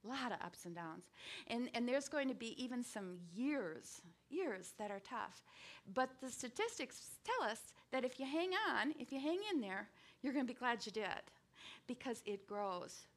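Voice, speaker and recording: A woman in her sixties giving a conversational sermon with frequent restarts and lively bursts. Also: on the high side, normal speed. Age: 60s or older. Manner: conversational, with many restarts and sudden bursts of animation. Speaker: speaker giving a devotional talk.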